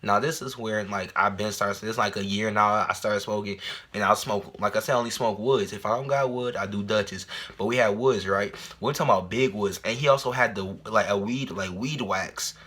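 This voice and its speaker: A young man telling a casual storytime vlog, rambling and repeating himself in slang, and jumping to loud, high-pitched panic when he acts out scenes. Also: normal speed, breathy edge. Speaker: vlogger.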